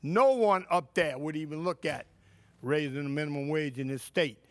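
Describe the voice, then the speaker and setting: A man's voice: on the high side, normal speed, no room sound. A man from Louisiana making an indignant public comment at a city council meeting, asking pointed rhetorical questions. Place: council chamber.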